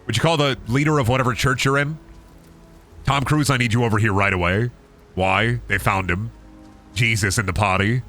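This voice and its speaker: A man's voice: fairly low pitch, moderate pace, pushed and bright. A young man streaming a game, rambling profanely and joking around, often slipping into silly voices. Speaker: gaming streamer. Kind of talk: casual gameplay commentary.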